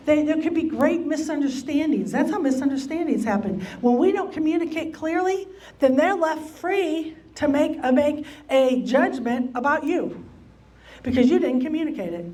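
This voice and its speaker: A woman's voice: high voice, lively intonation, moderate pace, mellow. A woman teaching a church lesson on relationships, emphatic, repeating key phrases and acting out what people might say. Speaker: church Bible study teacher. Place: church meeting room.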